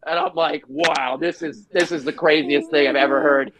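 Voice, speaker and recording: A man's voice: fairly high pitch, normal speed, over a noisy crowd, poor audio. A man from New Jersey, a guest musician in casual chat, telling stories and acting out the dialogue. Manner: animated storyteller acting out quoted dialogue.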